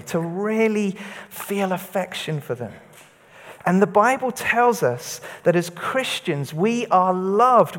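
Lively preacher man in an echoey hall. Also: sits high. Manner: lively, interactive, leading call-and-response. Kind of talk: all-age church talk to children and adults. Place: church hall.

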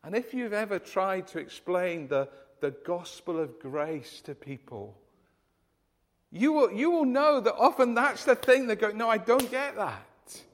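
A man's voice: high voice, very animated, measured pace, big-room sound. A man from the UK preaching a sermon in an earnest, emphatic way, often restarting his phrases. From United Kingdom.

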